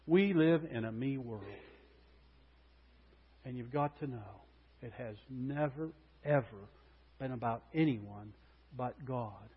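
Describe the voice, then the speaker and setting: A man preaching a sermon, moving between loud proclamation and hushed intensity. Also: mid-range voice, slow, long pauses, husky. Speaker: pastor. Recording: muffled sound with long hall reverb.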